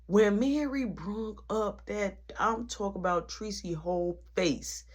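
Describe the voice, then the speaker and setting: A person telling a dramatic personal story in casual, slangy speech full of asides. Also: female voice, medium pitch, a little slow. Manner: slangy, animated retelling with many asides.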